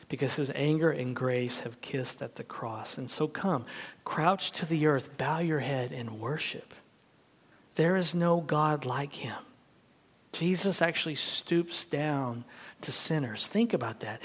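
A male pastor preaching a sermon, swinging from loud emphatic peaks to hushed whispers. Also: on the high side. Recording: long hall reverb.

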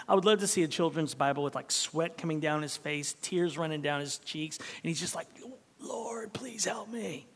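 Pastor, male, higher voice, lively sermon delivery with sudden whispered asides; long hall reverb. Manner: animated preaching, dropping to a hushed whisper for emphasis.

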